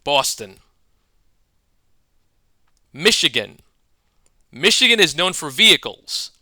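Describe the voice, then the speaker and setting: A man giving scripted explanatory narration, measured and dotted with wordplay asides. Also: fairly high pitch, big pitch swings, bright, forceful tone, no echo. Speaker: educator.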